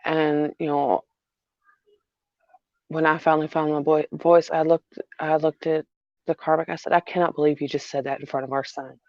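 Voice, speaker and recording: A mother talking through a hard personal story in a halting way, repeating herself with many fillers. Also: low-pitched, flat delivery, a little mellow, dry recording, lo-fi sound. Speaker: mother vlogger. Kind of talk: emotional personal vlog.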